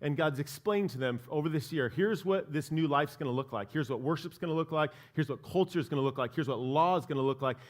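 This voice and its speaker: A man's voice: on the high side, quick pace, few pauses. Conversational man preaching a sermon. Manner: conversational, animated preaching with frequent "right?" and "like". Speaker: pastor. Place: church sanctuary.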